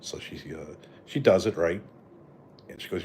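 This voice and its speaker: A man's voice: low voice, brisk, a little mellow, a little hiss or hum. A middle-aged man from Canada hosting a live stream, chatting in a rambling, profane way with lots of fillers and "right?" tags. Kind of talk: casual rambling live chat.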